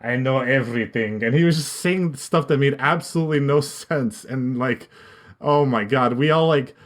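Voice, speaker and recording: A man's voice: medium pitch, moderate pace. Rambling young man telling a story. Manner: rambling, full of "like" and restarts. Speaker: podcast guest, esports coach. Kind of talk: casual storytelling.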